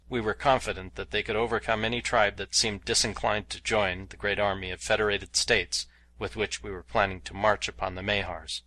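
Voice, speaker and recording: A man narrating a novel as an audiobook in a steady, measured storytelling manner. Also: fairly low pitch, low-quality recording.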